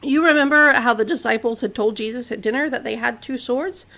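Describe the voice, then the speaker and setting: A woman's voice: on the high side, brisk, sharp tone. A woman hosting a podcast, telling a story in a casual narration with chatty asides to the listener.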